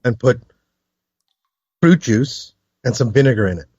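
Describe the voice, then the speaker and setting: A man co-hosting a podcast in casual chat, rambling with many restarts and laughs, high. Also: lively intonation, unhurried, darkish tone, breathy edge, no echo, muffled recording. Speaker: podcast co-host.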